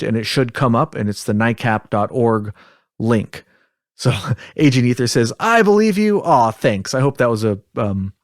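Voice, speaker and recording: This man, a podcast host with a medium-pitched voice, chats casually, rambling, chuckling, and poking a bit of fun at himself. He's recorded close to the mic with no room sound.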